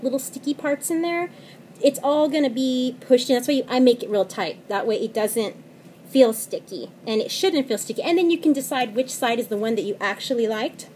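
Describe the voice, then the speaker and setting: A woman in her thirties, a mother, rambling casually through a craft tutorial at home at night, laughing often and dropping into quiet asides. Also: medium pitch, a little hiss or hum. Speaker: crafting vlogger. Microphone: tablet camera.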